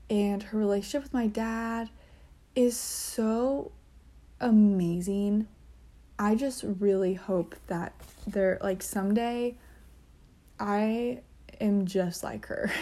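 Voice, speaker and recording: Slow, mellow-voiced young woman chatting. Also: medium pitch. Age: young adult. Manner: chatty and earnest, with frequent ums and gushing. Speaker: podcast host. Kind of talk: casual solo podcast chat.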